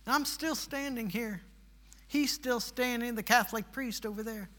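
A man's voice: extremely high pitch, moderate pace, fairly bright tone. A male preacher telling a missionary story in a sermon, with folksy asides and rising to emphatic preaching.

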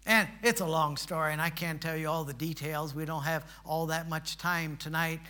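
Guy preaching, high bright voice, folksy storytelling that builds up loud. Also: steady tone, moderate pace. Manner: builds to emphatic preaching peaks, folksy asides. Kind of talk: sermon storytelling.

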